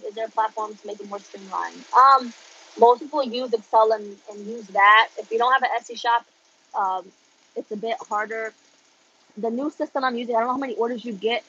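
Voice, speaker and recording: A woman's voice: a little high, fairly bright tone, dull audio. A woman who runs an embroidery business, chatting casually as she answers viewer questions and switches between English and Spanish, laughing at herself. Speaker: embroidery business owner answering live chat. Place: home embroidery studio.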